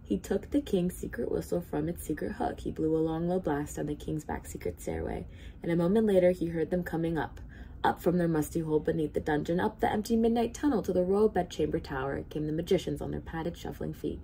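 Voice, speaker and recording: Gravelly-voiced woman reading a storybook. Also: deep voice, a little fast, slight background noise. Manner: expressive storytelling. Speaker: children's hospital volunteer reader. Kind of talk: reading a picture book aloud.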